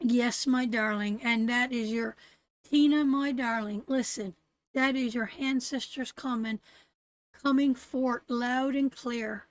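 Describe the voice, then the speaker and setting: A woman's voice: a little high, steady tone, takes it slowly, no room sound, poor audio. A woman with a Canadian accent reading tarot on a live stream, affectionate and emphatic, calling viewers darling and sweetheart and repeating her phrases. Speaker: tarot reader.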